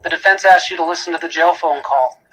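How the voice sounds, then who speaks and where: A man's voice: a little high, fast talker, a bit bright, a little hiss or hum, low-quality recording. A man giving a prosecutor's closing argument in a courtroom, emphatic, repeating key phrases and asking rhetorical questions.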